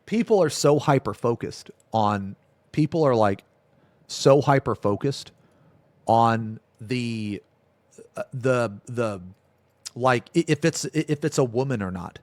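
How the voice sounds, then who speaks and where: A man's voice: medium pitch, expressive, takes it slowly, pauses often, no echo. A male streamer ranting on a live stream, swearing a lot, repeating himself and calling everyone "man" and "bro". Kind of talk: casual live-stream rant.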